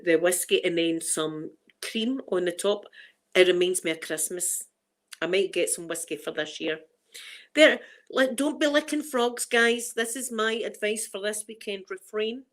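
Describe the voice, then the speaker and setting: A middle-aged woman with a Glaswegian accent, chatting casually to her viewers in a rambling, laughing way, her voice starting to go hoarse. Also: medium pitch, low-quality recording. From Scotland. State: voice going hoarse. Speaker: vlogger.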